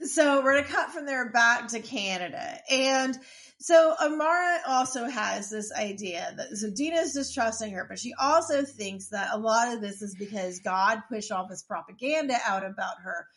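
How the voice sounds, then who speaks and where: A woman's voice: a little high, animated, normal speed, fairly bright tone. A woman co-hosting a podcast, chatting casually about a TV episode, often trailing off and restarting her sentences. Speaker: podcast co-host. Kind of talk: casual chat recapping a TV episode.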